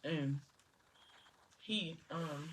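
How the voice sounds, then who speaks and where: Heard through a distant mic with a little hiss or hum, a woman with a low voice draws out her words. She's a book vlogger casually going over a novel's scenes between bites, quoting characters loosely with "he was like" and "she was like."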